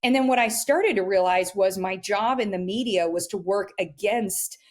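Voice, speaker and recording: A woman dietitian, a guest on a podcast, telling stories in a lively, chatty way, full of "like" and "you know" and acting out quoted lines. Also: mid-range voice, moderate pace. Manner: animated, many fillers, acts out quotes. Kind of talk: casual interview storytelling.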